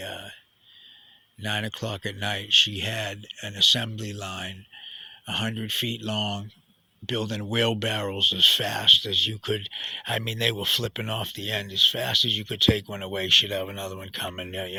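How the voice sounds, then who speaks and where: A middle-aged man telling a confessional personal story, halting and full of restarts, sometimes sinking to a hushed near-whisper. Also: lowish voice, breathy edge, rough recording. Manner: sinks to a hushed near-whisper at heavy moments. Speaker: storyteller recounting his own experience.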